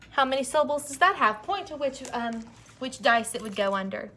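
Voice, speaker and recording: A young woman teacher leading an early-grade phonics lesson, stretching out words slowly and praising the children. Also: high voice, expressive, sharp tone. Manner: slow, drawn-out word modeling, encouraging.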